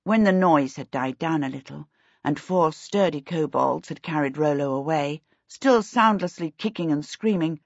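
A woman reads a storybook aloud in a steady, expressive way. Her voice is husky and breathy at mid pitch. The recording is dry and somewhat dull, with no room sound. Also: measured pace, no echo. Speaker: audiobook narrator. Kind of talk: scripted storybook narration.

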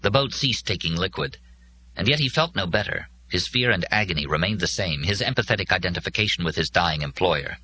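A man reading scripted narration for an audiobook in a measured, solemn way. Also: low voice, animated, sharp tone, a little hiss or hum.

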